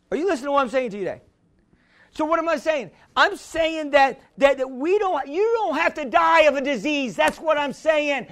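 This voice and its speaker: A man preaching a sermon as pastor, repeating himself, chuckling through anecdotes and building to shouts. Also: very high voice, animated, a little fast. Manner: repetitive, rising to shouts at the congregation; conversational, tells anecdotes with chuckles.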